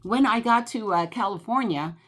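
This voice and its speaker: A woman's voice: on the high side, moderate pace. Older New Jersey woman, travel vlogger, rambling chatty delivery, full of fillers. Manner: chatty, animated, many fillers and laughs. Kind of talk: casual rambling chat.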